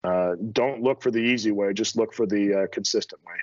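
A man's voice: lowish voice, a little fast, a little mellow, dry recording, lo-fi sound. A middle-aged man, a strength coach, talking as a podcast guest in a blunt, direct, self-deprecating way. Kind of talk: casual interview chat.

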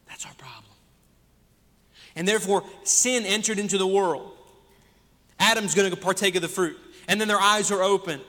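A senior pastor with a high, pushed and bright voice preaches in a church sanctuary, firing one rhetorical question after another at the congregation. Long church hall reverb fills the recording.

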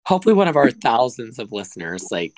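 A man's voice: medium pitch, big pitch swings, quick pace, dry recording, low-quality recording. A man co-hosting a casual podcast, teasing his friend with blunt, profane jokes. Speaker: podcast co-host.

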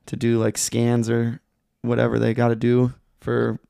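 A man's voice: medium pitch, completely flat delivery, a little slow, creaky, warm tone, no echo, clean studio sound. A young man from Michigan, a podcast guest telling a story in a laid-back, rambling way, swearing a lot. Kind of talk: casual chat.

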